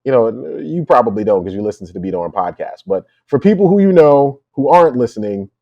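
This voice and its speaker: A man co-hosting a podcast in casual talk. He thinks out loud in a reflective, rambling way. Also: mid-range voice, sing-song, a little fast, creaky, dry recording, muffled recording. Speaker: podcast co-host.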